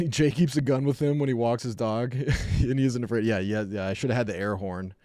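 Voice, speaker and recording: A man chatting casually on a live stream, telling rambling, jokey stories and dropping into quick put-on voices. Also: mid-range voice, mellow, no echo, clean studio sound.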